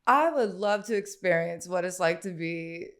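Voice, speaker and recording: A woman's voice: lowish voice, normal speed. A woman guest on a podcast, talking candidly and bluntly in casual chat, with lots of "like" fillers.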